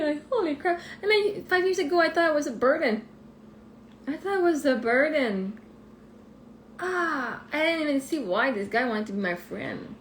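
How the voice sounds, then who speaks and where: Animated, high-voiced woman with a Québécois accent. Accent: Québécois French. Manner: animated, laughs often, swears freely. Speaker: life coach podcast host. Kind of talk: live-streamed personal monologue. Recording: echoey room with faint ambient noise.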